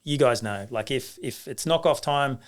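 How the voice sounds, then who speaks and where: Middle-aged Australian man, guest storyteller, anecdotal, mid-pitched. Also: moderate pace, clear, resonant tone. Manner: anecdotal, acts out quoted voices, many restarts. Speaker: guest, rugby league coach. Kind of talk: storytelling in a casual interview.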